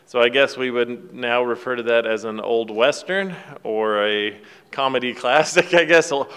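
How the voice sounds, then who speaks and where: A man's voice: mid-range voice, fairly bright tone, clear, resonant tone. A man giving a casual devotional talk, retelling a film scene in a folksy, rambling way with fillers and restarts. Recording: long hall reverb.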